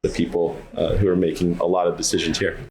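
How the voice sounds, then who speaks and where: A man from the United States with a very deep, low voice. He talks as a guest in a casual interview, thoughtful and halting. He pauses to find his words. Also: level tone, darkish tone. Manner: thoughtful, halting, many fillers and restarts.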